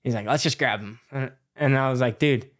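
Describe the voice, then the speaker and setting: A young man in his twenties, a podcast guest telling a story in a loose, animated way with lots of fillers and swearing. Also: medium pitch, brisk. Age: 20s. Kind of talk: casual storytelling.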